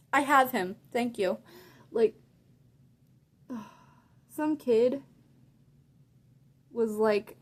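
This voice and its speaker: A teenage girl telling a story in a casual rant, sassy and animated, saying "like" constantly. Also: high-pitched. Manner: sassy, animated, heavy use of "like". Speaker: vlogger.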